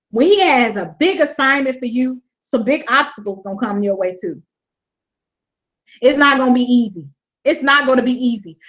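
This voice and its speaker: A woman hosting a webinar, giving a lively motivational faith talk, laughing often and repeating her points like a preacher. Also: fairly high pitch. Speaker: webinar host. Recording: dull lo-fi webinar audio.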